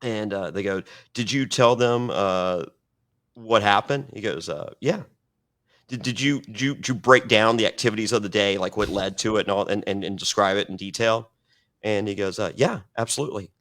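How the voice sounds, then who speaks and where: A man's voice: lowish voice, normal speed, a bit bright. A man telling a story on a podcast, rambling and swearing, acting out other people's lines as he goes. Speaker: guest telling stories.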